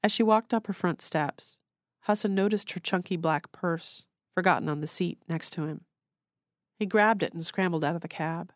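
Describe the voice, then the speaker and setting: Her own short story is read by a woman author in a measured, literary way, her voice low. The sound is close and dry, free of echo.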